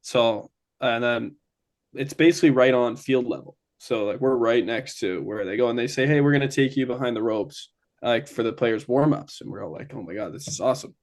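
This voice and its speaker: A man's voice: mid-range voice, brisk. A young man from Ontario, telling a story as a guest in casual chat, full of fillers. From Ontario, Canada. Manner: chatty, many fillers.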